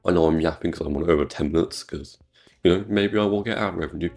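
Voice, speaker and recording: A man's voice: low-pitched, fast talker, darkish tone, faint music behind. A man with a British accent, rambling crude jokes over gameplay commentary. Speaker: gaming YouTuber.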